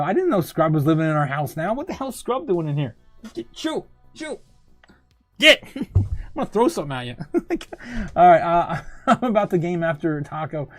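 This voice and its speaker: Male livestream host, casual newsy chatter, raised pitch, dry booth-like sound, lots of "uh" and laughter. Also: a little mellow, no room sound. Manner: chatty, frequent fillers and laughing asides. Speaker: crypto show host. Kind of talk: casual livestream news and chat.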